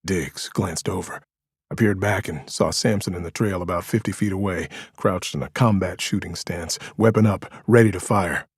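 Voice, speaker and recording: A man's voice: low-pitched, normal speed, breathy edge, no echo, studio quality. A man narrating a first-person thriller audiobook in a tense, dramatic manner.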